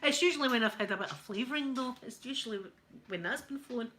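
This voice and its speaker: A woman's voice: fairly high pitch, lively intonation, fast talker, fairly bright tone, slight background noise, rough recording. A Scottish woman chatting casually while she irons, hosting her stream and laughing often. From Scotland. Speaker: live-stream host. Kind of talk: casual chat while ironing.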